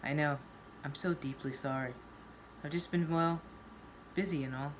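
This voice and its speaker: A woman voicing a smug, sly man who speaks in a flat, mocking tone. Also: low voice, moderate pace, a little hiss or hum, voice pushed down, natural voice. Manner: monotone, mocking. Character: smug, sly older brother, monotone.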